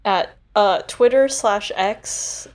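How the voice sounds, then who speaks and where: A woman's voice: medium pitch, slow. A woman hosting a podcast in easygoing, self-deprecating casual chat. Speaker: podcast host.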